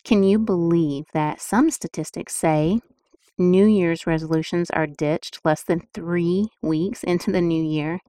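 A woman's voice: fairly low pitch, fairly even intonation, unhurried, mellow, clean tone, no echo, clean studio sound. A middle-aged woman hosting a podcast, talking in a chatty, emphatic and upbeat way as she gives casual motivational advice. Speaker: podcast host.

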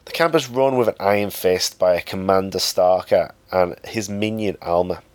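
A man's voice: low voice, dry recording. A man reviewing a film in a casual, hesitant way, with frequent ums and uhs. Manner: hesitant, many fillers.

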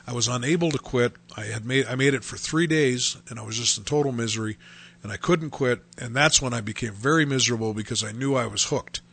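A man from North Dakota giving a personal testimony, telling his story earnestly and haltingly with many restarts. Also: mid-range voice, creaky, a bit bright, husky.

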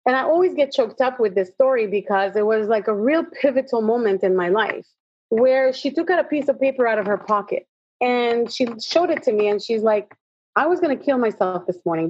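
Husky woman telling her story. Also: fairly high pitch, no room sound. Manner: animated storytelling, acts out dialogue. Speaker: guest, motivational speaker. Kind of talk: personal storytelling in an interview. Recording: dull lo-fi audio.

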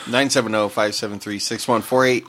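A man's voice: lowish voice, fairly even intonation, brisk, noisy background. A man hosting a casual podcast, making wry remarks and plugging the show's links. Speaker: podcast host. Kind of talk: casual chat.

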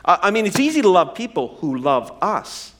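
A man's voice: sits high, very animated, moderate pace, a bit bright. A man in his forties preaching a sermon, conversational and humorous with self-deprecating asides. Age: 40s. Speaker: pastor.

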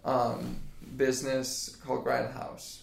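A man's voice: mid-range voice, monotone, slow pace, creaky, echoey room. A man in his thirties from Indiana, a personal trainer chatting as a podcast guest in a rambling, laid-back way with lots of fillers. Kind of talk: casual interview chat.

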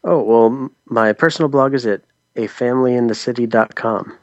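A man's voice: medium pitch, fairly quick, no echo, dull audio. A man from Tennessee with no strong accent, answering interview questions modestly and with some hesitation. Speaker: guest blogger.

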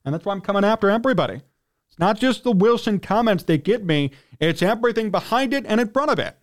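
Quick and expressive, this man hosts sports talk radio with a Chicago accent and a fairly high voice for a man, launching into an indignant, heated rant. His pitch leaps each time he gets riled up, and he clears his throat again and again.

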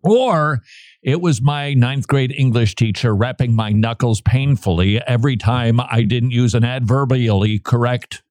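A man's voice: medium pitch, unhurried, a little mellow, no room sound, clean studio sound. A male radio host bantering playfully with mock-grand announcer flourishes.

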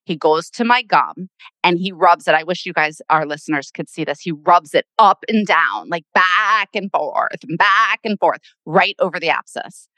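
A middle-aged woman co-hosting a podcast, telling a story in an animated way and acting out what people said. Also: lowish voice, normal speed, no room sound. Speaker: podcast co-host. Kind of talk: casual chat.

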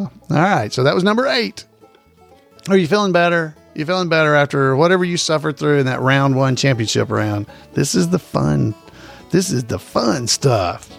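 A man's voice: fairly high pitch, vocal fry. A man hosting a casual trivia podcast, repeating each question in a folksy, chuckling way. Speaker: trivia host.

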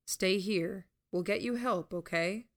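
A woman voicing a calm, steady young man who speaks low, gentle and measured. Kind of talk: audiobook character voice.

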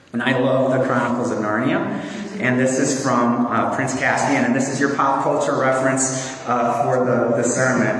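Earnest preacher in an echoing hall. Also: male voice, mid-range voice, a little hiss or hum. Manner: earnest, conversational, with fillers. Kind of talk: sermon. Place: church hall. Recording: echoey hall from far off.

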